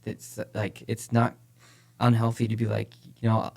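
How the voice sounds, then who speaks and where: A man with a fairly low, monotone voice and vocal fry talks at a normal speed. He is a church leader co-hosting a podcast, energetically and casually discussing faith and frequently repeating phrases to make a point.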